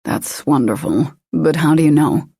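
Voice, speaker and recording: A woman narrator voicing a calm male investigator who asks patient, coaxing questions. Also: deep voice, moderate pace, creaky, slightly rough, no echo, clean studio sound, heavily acted. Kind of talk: audiobook character voice.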